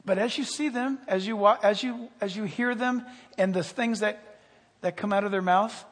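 An older man preaching a sermon with fervor, rising loud on key points and dropping quiet. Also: sits high, moderate pace. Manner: fervent, swells loud on key points then drops quiet. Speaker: pastor. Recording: long hall reverb.

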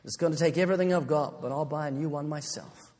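A man voicing a solemn father who speaks softly with a trembling voice. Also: on the high side, quick pace, big-room sound, pitched below the performer's own voice, close to an everyday voice. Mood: grave. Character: grave father, gentle and trembling.

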